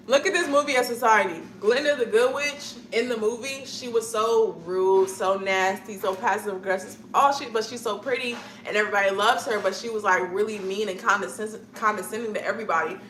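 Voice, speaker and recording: A woman's voice: mid-range voice, moderate pace, fairly bright tone, a little hiss or hum. Chatty young woman rambling in an echoey room. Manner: rambling, chatty, laughs often. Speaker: streamer chatting with viewers. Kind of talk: casual chat to live viewers.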